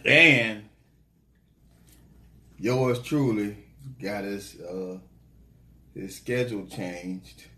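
A man's voice: fairly low pitch, extremely slow, long pauses, pushed and bright. A man co-hosting a casual talk show, joking and laughing easily. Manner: laid-back, joking, laughs often. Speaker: co-host. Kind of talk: casual chat. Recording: roomy, a little noisy.

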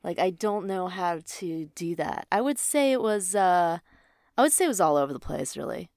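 Low-voiced female co-host, halting and unsure, dry close sound. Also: expressive, a little mellow, no room sound. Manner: hesitant, searching for words. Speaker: podcast co-host. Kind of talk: casual podcast chat.

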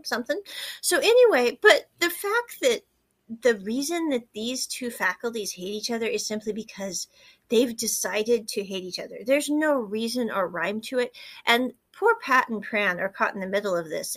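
A woman with a fairly high voice talks through a drama episode in a loose, chatty way. She wanders off on tangents and retells the scenes by quoting the characters' lines. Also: fairly bright tone. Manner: chatty, digressive, retells scenes in quoted dialogue. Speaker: drama reviewer. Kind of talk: casual commentary recapping a drama.

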